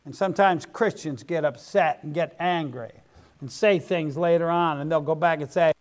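Folksy high-voiced male preacher. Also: moderate pace. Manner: folksy preaching, frequent "amen" asides. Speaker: pastor. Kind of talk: sermon.

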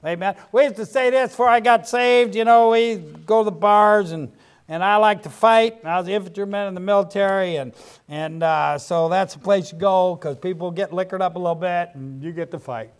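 A man's voice: high-pitched, normal speed, clear, resonant tone. A middle-aged man preaching a sermon in a folksy way, dropping frequent amens to the congregation. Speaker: pastor.

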